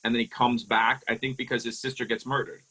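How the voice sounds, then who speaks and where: A laid-back man co-hosting a casual film podcast. His pitch sits in the middle, and he talks easily and unhurriedly. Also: little pitch movement, fast, bright, forceful tone, slightly rough. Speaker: podcast co-host. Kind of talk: casual chat.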